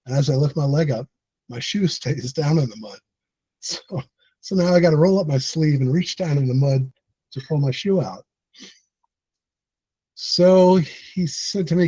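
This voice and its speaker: Husky middle-aged man telling his story. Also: on the high side, expressive, moderate pace, long pauses, mellow, no echo, highs cut off. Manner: conversational, laughs at own story, many fillers. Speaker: support group speaker. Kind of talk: personal storytelling talk.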